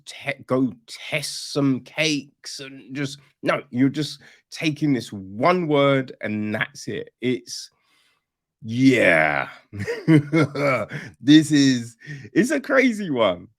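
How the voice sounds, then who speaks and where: A man's voice: mid-range voice, dry recording, clean studio sound. A man reviewing a film on a podcast in a casual, sarcastic rant, swearing freely and rambling with restarts. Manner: rambling with restarts and "you know what I mean".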